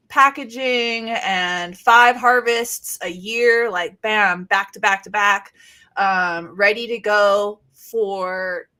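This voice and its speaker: A woman in her thirties from California, talking as a guest in a casual interview, relaxed and rambling with lots of fillers. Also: medium pitch. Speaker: guest, grower and educator.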